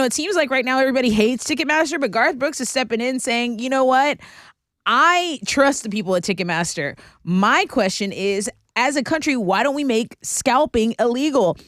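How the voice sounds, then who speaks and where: A woman's voice: high-pitched, expressive, a bit bright, no echo, clean studio sound. Chatty woman reading radio headlines. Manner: chatty, quick, reads news items. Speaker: news co-host. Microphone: studio microphone.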